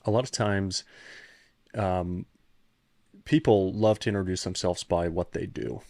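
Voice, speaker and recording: A man's voice: deep voice, measured pace, vocal fry, darkish tone, no room sound, clean studio sound. A man in his thirties, a podcast guest, telling a personal story in an earnest, reflective way with frequent restarts. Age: 30s. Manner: earnest, reflective, restarts often when moved. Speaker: podcast guest, founder turned CEO coach.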